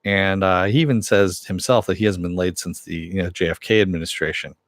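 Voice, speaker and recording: A man's voice: low voice, fairly even intonation, a little fast, no echo. A man casually recapping a TV episode, rambling with many fillers and self-corrections. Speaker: TV show reviewer.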